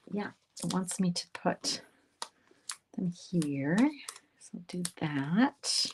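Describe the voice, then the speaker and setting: A chatty woman from Canada walks viewers through a card-making project, talking as she works. Her voice sits a little low for a woman, and she jokes about her own mistakes. Faint noise and small clicks sit behind her. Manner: chatty, self-deprecating, talks to viewers while working. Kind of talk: casual crafting tutorial.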